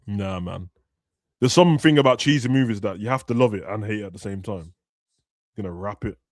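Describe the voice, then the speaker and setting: A young man, ranting and joking as a streamer during a football watch-along, now and then shouting. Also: lowish voice, brisk, no room sound, clean studio sound. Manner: ranting, slangy, bursts of shouting. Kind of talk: casual chat over a live match.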